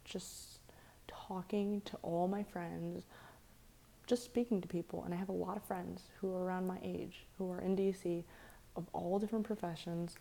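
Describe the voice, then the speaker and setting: A young woman hosting a late-night live stream, talking low and softly, half whispering at times so she won't wake anyone. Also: flat delivery, moderate pace, gravelly. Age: young adult. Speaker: livestream host. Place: echoey room at night.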